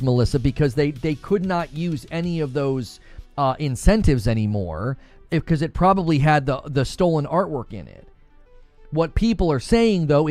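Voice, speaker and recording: A man's voice: fairly high pitch, dry recording. A middle-aged man hosting a casual gaming livestream, talking through news and reading out viewer comments with frequent chuckles. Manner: animated, conversational, chuckles often.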